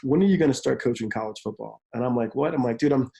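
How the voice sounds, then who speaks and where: A man in his thirties, a football coach and pastor, telling his story in an energetic interview, speeding up in quick bursts. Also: medium pitch, creaky, rough recording. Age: 30s. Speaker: college football analyst and pastor. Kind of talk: remote interview.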